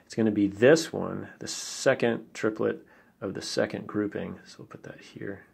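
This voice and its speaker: Low-voiced man teaching drum rhythms. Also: steady tone, moderate pace, creaky. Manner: patient step-by-step explaining, counting beats aloud. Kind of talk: instructional explanation.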